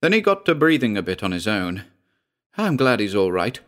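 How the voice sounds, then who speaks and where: A man voicing an earnest young boy telling what he saw in a halting, excited way. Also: on the low side.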